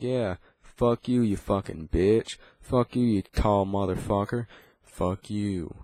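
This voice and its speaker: A man's voice: fairly low pitch, a little mellow. A man ranting casually, swearing constantly and rambling with frequent restarts. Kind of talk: casual profane rant.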